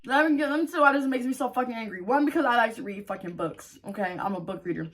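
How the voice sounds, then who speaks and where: A woman creator reacts to online posts in a casual vlog. She reads the stories at a subdued, even level. Then she bursts in with blunt, heavily profane commentary. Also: quick pace, over loud music. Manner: profane, blunt outbursts between calmer reading; reads posts aloud in a lower, quieter voice.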